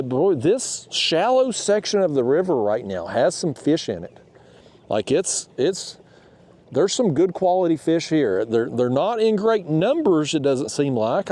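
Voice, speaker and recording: A man's voice: medium pitch, mellow. A man talking casually to his audience while fishing from a kayak on a river, full of folksy exclamations. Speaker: fishing vlogger.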